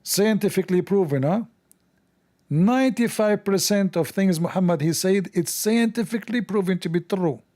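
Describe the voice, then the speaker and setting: A man's voice: high-pitched, moderate pace, dark tone. A man hosting a mocking religious commentary show, sarcastic and scornful, in broken English. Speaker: host.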